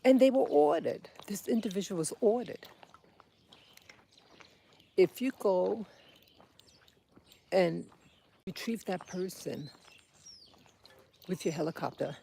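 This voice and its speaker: A woman with a slow, gravelly, mellow voice speaks in a halting, angry monologue full of pauses and restarts. She is outdoors, with faint birds and rural sounds behind her. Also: on the low side, a little hiss or hum. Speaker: vlogger. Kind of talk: political monologue.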